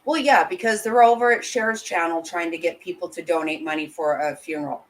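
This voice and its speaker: A woman's voice: lowish voice, brisk, slight background noise, low-quality recording. A woman hosting a casual livestream, answering chat bluntly and indignantly, swearing freely. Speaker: livestream host reading chat.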